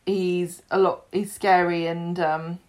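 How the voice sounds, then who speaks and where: A woman's voice: on the low side, level tone, slow, a little mellow. A woman co-hosting a casual podcast, chatting and reading listener messages aloud. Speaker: podcast co-host.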